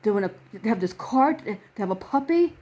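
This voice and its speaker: A woman's voice: mid-range voice, lively intonation, fairly quick, warm tone. A woman reverend telling a personal story to camera in an earnest way, acting out the quoted dialogue.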